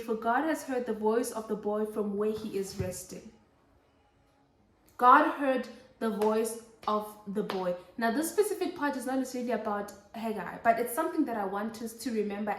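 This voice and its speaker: Young woman, high voice, fervent repetitive preaching, roomy echo. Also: a little mellow. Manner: exhorting, repetitive emphatic preaching. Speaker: host of a Christian motherhood show. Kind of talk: preaching Bible study.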